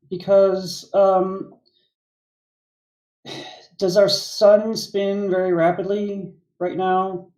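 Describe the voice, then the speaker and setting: A man co-hosts a casual commentary podcast and sounds sarcastic and exasperated. His voice is dark and mellow, and it carries a roomy echo. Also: sits high, fairly even intonation, extremely slow, long pauses. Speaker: podcast co-host.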